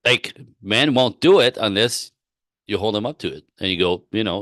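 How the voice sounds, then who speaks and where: A man's voice: lowish voice, lively intonation, normal speed, a bit bright, no room sound, studio quality. A man coaching women on relationships in a live-stream talk, blunt and emphatic, often repeating himself and acting out both sides of conversations. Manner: acts out both sides of dialogue.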